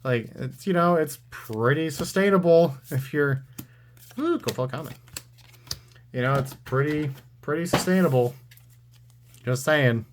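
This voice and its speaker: A man's voice: fairly high pitch, a little slow, long pauses, slight background noise. A man giving casual, sarcastic commentary while opening trading card packs on his channel. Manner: dry, sarcastic.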